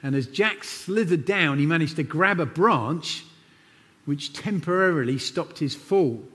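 A man preaching a sermon in a church, telling a story in an earnest, conversational way. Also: a little high. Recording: long church reverb.

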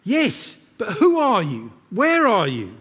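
Brief: a preacher putting on a frantic, high-pitched man shouting for help, long hall reverb. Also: wildly swooping pitch, slow pace, breathy edge, full character voice. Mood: panicked yelling. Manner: yelling, desperate pleading. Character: panicked man dangling off a cliff.

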